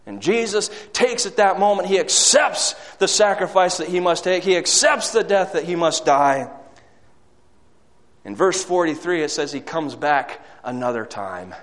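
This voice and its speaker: A man's voice: high voice, expressive, measured pace, fairly bright tone, big-room sound. A man preaching a sermon with dramatic delivery, acting out quoted words and asking the congregation rhetorical questions.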